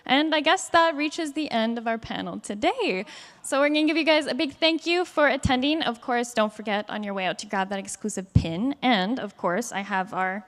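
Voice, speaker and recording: Woman panel host, high bright voice, upbeat stage presenting. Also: moderate pace.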